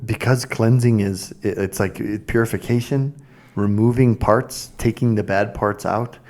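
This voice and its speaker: A young man talks in a casual podcast chat, blunt and candid as he tells his story. His voice sits fairly low and has a gravelly edge. He sounds animated and frank. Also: a little slow, faint music behind. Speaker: podcast co-host.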